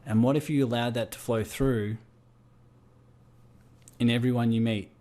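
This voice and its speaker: A man's voice: mid-range voice, fairly even intonation, normal speed, mellow. A man with an Australian accent leading a group coaching call over a video call, firing rhetorical questions at his listeners. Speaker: business coach.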